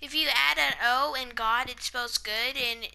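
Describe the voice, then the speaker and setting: A woman with a high, piercingly bright voice chats through a video game session. She jokes around, teases her friend and slips into silly noises and goofy asides. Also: steady tone, unhurried, gravelly, a little hiss or hum. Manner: playful, jokey banter, silly sound effects. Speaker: gamer. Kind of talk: casual chat while playing a video game.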